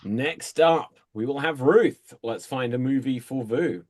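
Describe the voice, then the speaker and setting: Slow, unhurried male comedy host. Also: mid-range voice. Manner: relaxed, announcing games and calling time. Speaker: improv show host. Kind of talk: hosting a comedy show.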